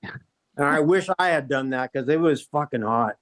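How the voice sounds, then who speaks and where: A man's voice: medium pitch, normal speed, fairly bright tone. A middle-aged man, a guest guitarist, talking loosely and swearing freely while chewing nicotine pouches. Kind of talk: casual interview chat.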